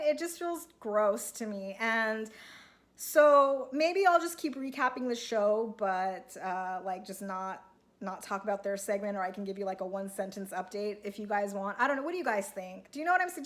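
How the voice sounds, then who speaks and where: A woman's voice: a little high, moderate pace, a bit bright. A woman recapping a reality show for her viewers in a chatty, self-questioning way, often acting out what people on the show say. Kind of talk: casual recap monologue to viewers.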